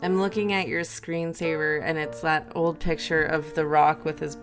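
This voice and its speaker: Woman cohost on a comedy podcast, lowish voice, dry jokes, faint music behind. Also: little pitch movement, normal speed. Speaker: podcast co-host. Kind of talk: casual comedic chat.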